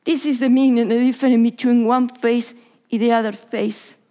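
High-voiced woman preaching in English. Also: fairly even intonation, moderate pace, mellow. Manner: non-native English with Spanish slips, drops to whispers. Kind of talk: sermon.

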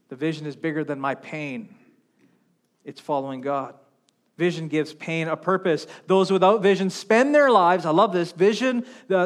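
A man preaching a sermon as pastor on a wireless mic, impassioned, swinging between loud calls and hushed stretches. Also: sits high. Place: church sanctuary. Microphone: wireless handheld mic.

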